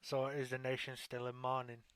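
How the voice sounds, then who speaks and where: A man's voice: medium pitch, completely flat delivery, normal speed, fairly bright tone, clean tone, no room sound. A man hosting a casual online talk show, blunt and joking with crude humor. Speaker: host.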